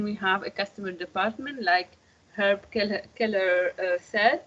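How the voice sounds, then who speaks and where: Husky-voiced woman teaching an online class. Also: on the high side, fairly bright tone. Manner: patient, explanatory, checks in with "okay?". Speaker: marketing teacher. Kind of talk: online lecture. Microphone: video call. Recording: muffled lo-fi call audio.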